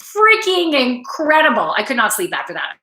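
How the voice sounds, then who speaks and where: A woman's voice: high-pitched, huge pitch swings, moderate pace, bright, forceful tone, echoey room, poor audio. A woman doing a casual spiritual card reading, chatty and rambling, tired from little sleep and laughing at herself. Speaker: tarot card reader.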